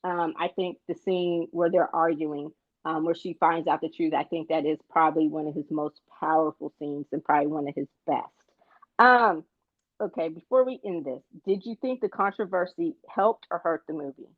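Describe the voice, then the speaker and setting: A woman's voice: low-pitched, fairly even intonation, moderate pace, dry recording, narrow, tinny audio. A woman co-hosting a movie podcast, chatting casually and tripping over her words now and then. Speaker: podcast co-host. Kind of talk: casual chat.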